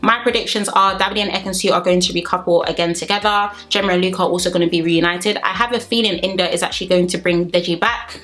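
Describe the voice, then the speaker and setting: Woman vlogger, lowish voice, quick sassy delivery, reviewing a TV episode for her viewers. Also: steady tone, fairly bright tone. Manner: sassy, opinionated, talks straight to viewers. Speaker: reality TV reviewer. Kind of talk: casual episode review vlog.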